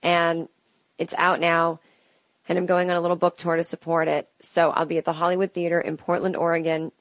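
A woman on the low side of the pitch range speaks a little fast with little pitch movement, and there's no room sound. She's a comedian and podcast host in her late thirties, alone at home at a close studio mic, rambling through a self-deprecating, aside-filled solo episode.

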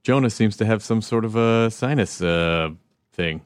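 A man's voice: lowish voice, measured pace, clear, resonant tone, no echo, clean studio sound. A man hosting a podcast in casual chat, joking playfully with his co-host. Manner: playful, jokey, lively delivery.

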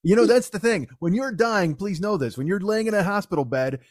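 High-voiced, profane comedic podcast host. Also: male voice, brisk, no room sound, clean studio sound. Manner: profane, rambling, animated.

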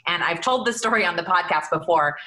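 A woman co-hosts a podcast, her voice bright and forceful. She talks with eager enthusiasm, and the room around her is noticeably echoey. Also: fairly low pitch, fairly quick. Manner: enthusiastic and gushing. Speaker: podcast co-host. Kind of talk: casual chat.

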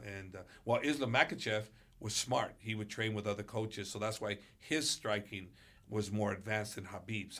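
A man, a martial arts coach guesting on a podcast, telling stories animatedly and acting out quotes with big jumps in pitch. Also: bright, forceful tone. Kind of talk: storytelling on a podcast.

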